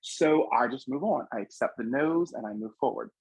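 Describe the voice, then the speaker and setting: A man's voice: medium pitch, moderate pace, breathy edge, no room sound, poor audio. A man who works as a psychic medium, telling stories from his readings in an earnest, casual interview manner. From Louisiana. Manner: earnest storytelling, animated quoting of others.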